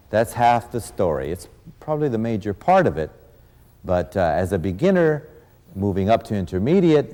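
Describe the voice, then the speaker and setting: Lively-voiced male dance instructor counting beats. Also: fairly low pitch. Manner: counting beats aloud, explanatory. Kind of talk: instructional video teaching. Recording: reverberant hall with music playing.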